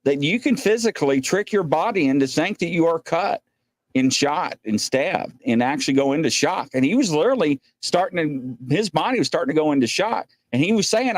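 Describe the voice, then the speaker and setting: A man's voice: fairly high pitch, expressive, fairly quick, dry recording. A man hosting a casual show, rambling with many fillers as he looks for clips. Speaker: host.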